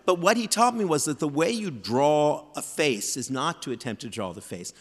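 A man in his fifties tells self-deprecating stories with animated, lively timing. His voice rings with the long reverb of a theater hall. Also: a little high, moderate pace. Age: 50s. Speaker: author guest. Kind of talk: live stage interview. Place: theater stage before live audience.

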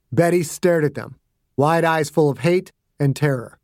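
A man's voice: fairly high pitch, unhurried, a little mellow, no echo, studio quality. A man narrating his own fiction as a scripted audiobook with dramatic delivery. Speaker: author and narrator.

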